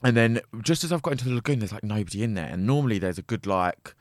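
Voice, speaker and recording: Low-voiced man telling a story. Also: expressive, fast, dry recording, clean studio sound. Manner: rambling, swears often, many fillers. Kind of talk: casual storytelling chat.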